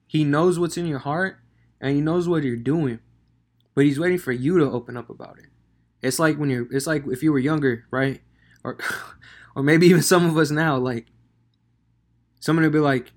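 A man's voice: medium pitch, fairly quick. A man giving a casual devotional talk on scripture, slangy and conversational with many fillers. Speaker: devotional speaker.

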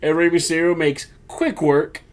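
A man's voice: a little high, normal speed. Man animatedly recapping wrestling. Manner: animated storyteller, acting out wrestlers' lines. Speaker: podcast co-host. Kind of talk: casual wrestling recap chat.

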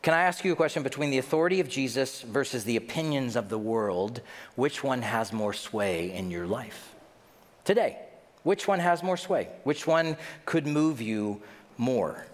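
Guy preaching a sermon, super lively pitch, acts out voices, long echo like a big hall. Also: normal speed. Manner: animated, acts out quoted voices. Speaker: pastor.

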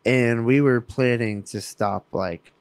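A man's voice: medium pitch, slow pace, dry recording. A young man on a podcast, telling a road trip story in casual chat, swearing and laughing as he acts out the people in it. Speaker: podcast co-host.

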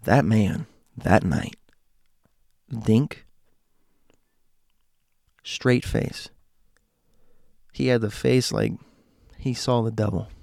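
A man telling a story casually, slowing and dropping to a hush at suspenseful moments with dramatic pauses. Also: on the low side, vocal fry, dry recording, clean studio sound.

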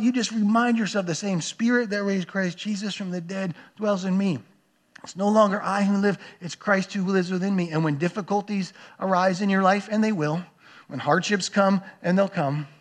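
A man preaching a sermon as a pastor, earnest and emphatic, repeating phrases for weight. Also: sits high.

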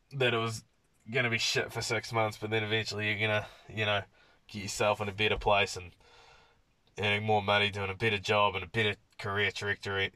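A man's voice: on the low side, bright, forceful tone, dry recording. A young man hosting a podcast, telling rambling stories in casual talk full of swearing. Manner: profane, rambling storyteller. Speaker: podcast host. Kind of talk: casual monologue.

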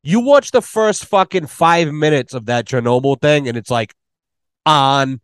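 A man's voice: a little high, a little slow, fairly bright tone, smooth, no room sound, studio quality. A man in casual podcast conversation, telling rambling stories full of swearing. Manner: swears often, rambling storyteller.

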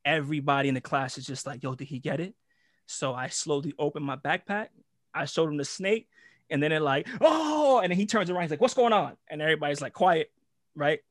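A man's voice: fairly high pitch, steady tone, fast talker, a bit bright, dry recording, studio quality. A young man from New York with a New York accent, telling a prank story in a casual, profane, slangy chat and acting out the voices. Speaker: guest storyteller.

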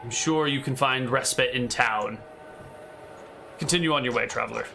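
A man's voice: medium pitch, normal speed, creaky, sharp tone, faint music behind. A man voicing a stern, formal older knight leading a patrol in a tabletop game. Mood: curt. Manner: formal, curt.

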